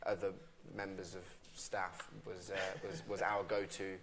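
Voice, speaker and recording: A man on a press panel telling lively anecdotes in a casual way, with many fillers and restarts. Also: low voice, measured pace, crowd noise. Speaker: cast member on a panel. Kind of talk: casual storytelling at a live press event.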